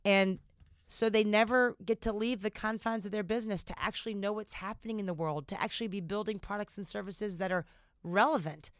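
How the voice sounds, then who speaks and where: A woman with a Southern US accent co-hosting a podcast in casual chat, animated and quick to laugh. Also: mid-range voice, clear, resonant tone, dry recording, studio quality. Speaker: podcast co-host.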